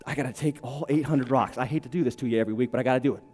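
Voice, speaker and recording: A pastor with a medium-pitched voice preaches a dramatic sermon. He acts out quick character voices and swings between shouted lines and hushed ones.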